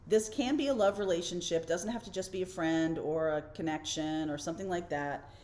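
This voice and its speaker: A woman's voice: lowish voice, a little fast, a little mellow. A middle-aged woman hosting a casual tarot reading, chatty and reassuring, thinking aloud with fillers. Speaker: tarot reader and channel host.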